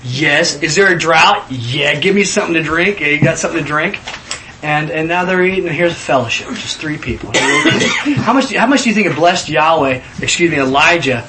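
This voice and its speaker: A man leading a casual Bible study, teaching in an animated way and acting out scenes in voices. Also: on the high side, fairly quick, a little hiss or hum, poor audio.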